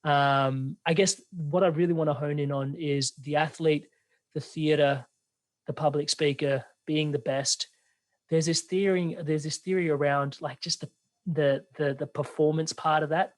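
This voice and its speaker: A male host asks his guest questions over a video call, rambling and restarting in his enthusiasm. His voice sits slightly high and sounds dry and close. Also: fairly even intonation, measured pace, dry recording. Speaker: podcast host. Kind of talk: casual interview.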